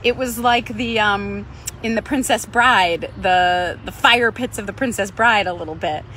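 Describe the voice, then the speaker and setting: A woman's voice: mid-range voice, a little slow, pushed and bright, slight background noise. A woman, a Pilates instructor, telling a personal story in a conversational way, acting out other people's lines.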